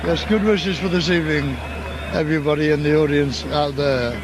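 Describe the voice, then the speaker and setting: A man, a rock musician, trading dry gravelly jokes in archive interview clips. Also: fairly high pitch, steady tone, brisk, noisy background. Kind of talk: joking archive interview bits.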